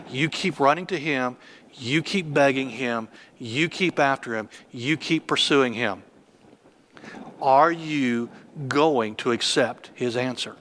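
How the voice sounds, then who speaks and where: A man's voice: mid-range voice, a little slow, a bit bright, slight background noise. A man in his fifties, a church elder preaching a sermon with emphatic, repetitive phrasing.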